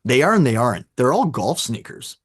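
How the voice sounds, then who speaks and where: A man's voice: medium pitch, brisk, breathy edge, no room sound. A man talking casually on a podcast, telling stories with lots of energy and acting out what other people said. His voice sits in the middle range. The sound is dry and close, with no room around it. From Chicago. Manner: animated storyteller, acts out dialogue. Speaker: podcast guest. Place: home room with sneaker collection.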